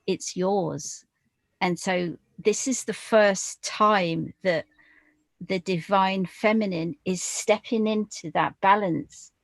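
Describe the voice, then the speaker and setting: A woman speaking as a guest in a spiritual podcast conversation, slow and deliberate, pausing often with fillers. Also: medium pitch, vocal fry, no room sound.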